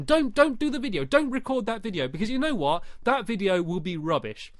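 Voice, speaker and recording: A man's voice: sits high, very animated, fairly quick, few pauses, dry recording, studio quality. A man hosting a podcast, giving casual advice in a chatty, rambling way full of fillers. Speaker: podcast host.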